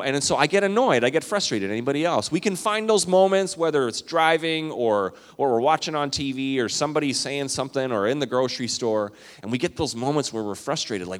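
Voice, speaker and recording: A man from Minnesota and Canada preaching a sermon in a conversational style, swinging between loud emphasis and quiet asides. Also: medium pitch. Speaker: pastor. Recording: long hall reverb.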